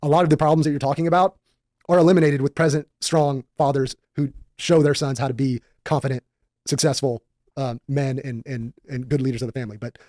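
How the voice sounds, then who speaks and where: A man's voice: medium pitch, steady tone, fairly quick, dark tone, dry recording, clean studio sound. A man on a podcast speaking earnestly and emphatically about fathers and confidence. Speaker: podcast guest. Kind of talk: podcast debate.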